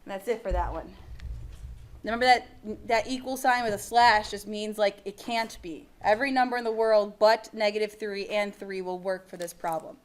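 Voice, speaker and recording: A woman's voice: mid-range voice, steady tone, moderate pace. A woman teaching a math lesson to a class in a patient, encouraging and casual way.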